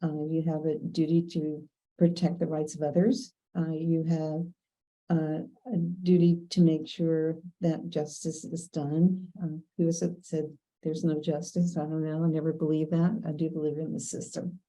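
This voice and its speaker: An older woman from Kentucky recalls her years as a lawyer, chatting loosely with plenty of fillers and frequent laughs. Her voice sits a little low and sounds deeply mellow and relaxed. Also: moderate pace, low-quality recording. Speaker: veteran lawyer. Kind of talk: storytelling interview.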